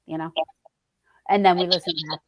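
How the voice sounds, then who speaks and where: A woman guest telling a story in an animated, excitable way, restarting lines and swearing freely. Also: on the low side, brisk.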